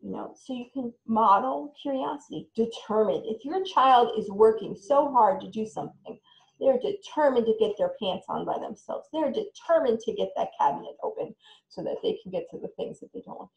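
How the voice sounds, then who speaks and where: Creaky-voiced teacher coaching parents. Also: female voice, fairly high pitch, expressive, normal speed, reverberant, rough recording. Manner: models feelings in bright sing-song voice. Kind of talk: instructional talk to parents.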